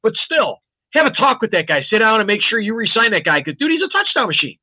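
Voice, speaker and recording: A man co-hosting a casual sports show, talking bets in an excitable, emphatic way and swearing now and then. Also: high voice, quick pace, no room sound, poor audio. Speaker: co-host. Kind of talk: casual sports betting chat.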